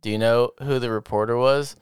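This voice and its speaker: A man co-hosting a casual movie review podcast, joking and playing quick bits. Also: medium pitch, smooth, dry recording, clean studio sound. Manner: jokey, animated, playing bits. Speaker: podcast co-host.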